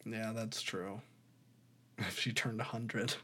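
A man's voice: on the low side, fairly even intonation, takes it slowly, fairly bright tone, husky. Laughing, rambling male podcast host. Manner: rambling, laughing, breaks into put-on voices for quotes. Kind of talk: casual podcast chat, recapping a movie.

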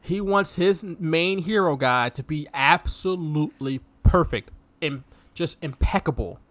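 A man's voice: on the high side, a little slow, a bit bright. A man co-hosting a podcast, riffing sarcastically on a movie and laughing often. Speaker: podcast co-host. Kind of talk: casual movie review chat.

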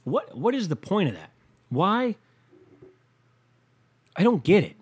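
A man's voice: sits high, huge pitch swings, slow, husky. A man hosting a podcast, ranting casually in a heated, sarcastic, profane way and rambling through stories with lots of filler words. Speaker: podcast host.

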